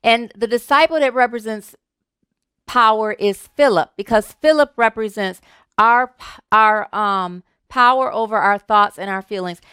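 A woman minister giving a sermon, thanking performers and telling a humorous story, with an animated way of talking and easy laughter. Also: on the high side, measured pace, clean tone, dry recording, clean studio sound. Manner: warm, animated, laughs easily, repeats words.

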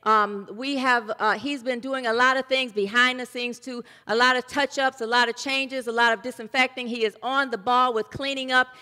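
A woman's voice: on the high side, fairly even intonation, moderate pace, hardly any pauses. A woman pastor giving a sermon in a church, chatty and loose, often restarting her sentences. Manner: warm conversational preaching with loose restarts. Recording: long hall reverb.

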